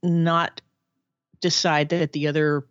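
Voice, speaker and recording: A woman, a podcast guest telling her life story in a chatty, animated way with frequent laughs. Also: sits low, slow, clear, resonant tone, dry recording, highs cut off. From Arkansas, USA. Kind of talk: casual storytelling interview.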